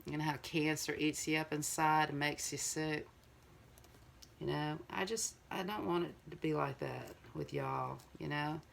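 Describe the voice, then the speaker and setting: A woman's voice: sits low, fairly even intonation, measured pace, vocal fry, slight background noise. An older woman, talking to her viewers in a casual, heartfelt monologue. She rambles earnestly and fills her speech with "you know.". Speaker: vlogger.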